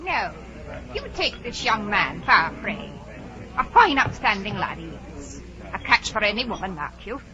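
A man's voice: sits high, big pitch swings, unhurried, crowd noise. A man reading a story voices a nosy, gossipy older village woman with a rustic way of talking, on a dull lo-fi recording. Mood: gossiping. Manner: rustic, hushed urgent gossip.

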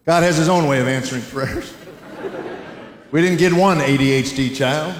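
A man's voice: on the high side, moderate pace, a little hiss or hum. A man in his fifties doing a stand-up comedy routine, telling folksy, wry stories full of rhetorical questions. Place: large hall with a laughing audience. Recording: roomy live hall recording. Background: audience laughter.

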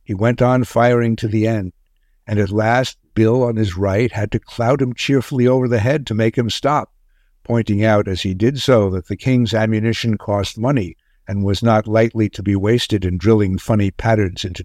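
A man narrating a wartime tale in a measured, grave storytelling manner. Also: fairly low pitch, fairly even intonation, a little mellow, no room sound, clean studio sound.

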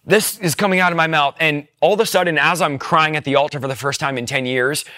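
A man's voice: a little high, steady tone, quick pace, sharp tone. A young man telling his personal faith testimony, earnest and emotional, tearful as he speaks.

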